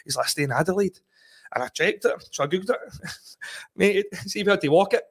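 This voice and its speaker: A man with a Scottish accent, chatting as a guest on a talk show, telling animated stories and often repeating words as he goes. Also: high voice, brisk, slightly rough. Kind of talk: casual chat.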